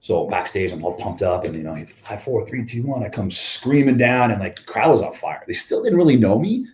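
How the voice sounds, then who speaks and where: A man in his thirties tells a backstage story in a loose, casual way, with plenty of fillers and swearing. His voice sits a little low. The recording sounds muffled and lo-fi. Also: big pitch swings, a little fast, a little mellow, echoey room. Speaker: former pro wrestler guest. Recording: dull lo-fi recording.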